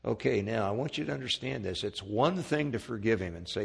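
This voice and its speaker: A man preaching a sermon, emphatic, swinging from loud peaks to quiet asides. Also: animated, fairly quick, vocal fry, breathy edge. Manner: emphatic, rising to loud peaks then dropping low. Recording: long hall reverb.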